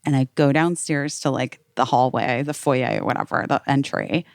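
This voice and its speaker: A woman's voice: a bass voice, moderate pace, vocal fry, dry recording. Woman podcast host rambling through a story, says like a lot, dry close mic. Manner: animated storytelling with many "like" fillers. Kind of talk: casual chat.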